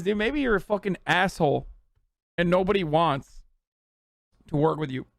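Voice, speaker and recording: A man's voice: high-pitched, lively intonation, normal speed, gravelly, long pauses, a bit bright, dry recording, studio quality. Profane ranting male streamer. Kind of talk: casual live-stream commentary.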